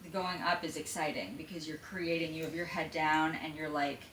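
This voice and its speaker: A woman's voice: low voice, steady tone, fairly quick, a bit bright, a little hiss or hum. A woman hosting a podcast interview, asking rambling, hesitant questions full of fillers. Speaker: podcast host. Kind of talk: casual interview chat. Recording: echoey room, slightly distant mic.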